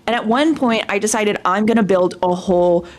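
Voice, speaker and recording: A young woman hosting a casual chat, retelling a show scene with excitement and swearing freely. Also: mid-range voice, a little fast. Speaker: stream host. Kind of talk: casual chat while dyeing hair.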